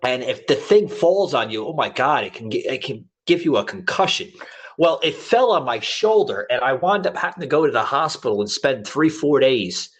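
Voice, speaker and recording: A man hosting a podcast, telling a rambling story in a loose, animated way, full of fillers and restarts. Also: mid-range voice, normal speed. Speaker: podcast host. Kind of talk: casual storytelling chat.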